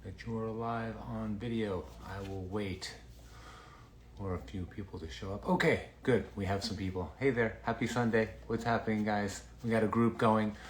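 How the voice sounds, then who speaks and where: Chatty excitable man in an echoey room. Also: on the low side, moderate pace. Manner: chatty, excitable, rambling with fillers. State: a little out of breath. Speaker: dermatologist hosting a livestream. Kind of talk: casual livestream chat. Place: home basement.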